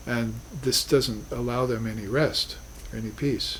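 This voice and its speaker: A man's voice: medium pitch, fairly even intonation, unhurried, a bit bright, slight background noise, poor audio. A man teaching a class on spiritual philosophy, talking in an earnest, reflective way with emphatic bursts. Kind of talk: recorded class lecture.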